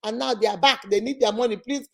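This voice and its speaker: A woman's voice: fairly high pitch, fast talker, creaky, darkish tone. A middle-aged Nigerian woman hosting a casual vlog, telling stories with laughter and rhetorical questions. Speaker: host.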